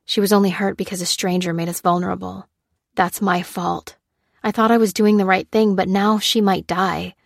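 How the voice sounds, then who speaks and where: A weary young survivor , as a woman narrator reads her, speaks plainly and bluntly. Her voice sits at a middle pitch. The recording is close and dry. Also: no echo, lightly acted. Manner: blunt and dry, sober when confiding. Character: guilt-ridden young woman survivor writing a journal.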